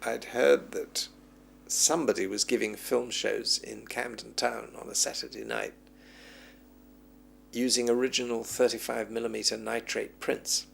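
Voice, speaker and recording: Interviewed as a film historian, a man with a mid-range, creaky voice reminisces at length in an unhurried way. He's an animated storyteller who acts out the voices of the people he quotes, and there's slight background noise.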